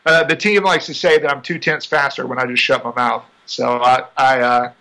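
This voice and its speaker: Man, racing driver guest, bright edge, talkative and laughing. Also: mid-range voice, moderate pace, rough recording. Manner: chatty, laughs often, animated asides. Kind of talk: casual interview chat.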